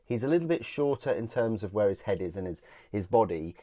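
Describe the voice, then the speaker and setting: Man, deep voice, casual product review, halting delivery full of ums, sentences fading out. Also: animated. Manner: hesitant, many ums and restarts, trailing off quietly. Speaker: miniatures reviewer.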